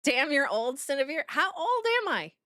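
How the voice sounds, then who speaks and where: A woman's voice: sits high, big pitch swings, normal speed, bright, forceful tone, no echo, studio quality. A woman streamer chatting casually with her viewers, giggling as she reads out chat messages. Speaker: streamer reacting to a video.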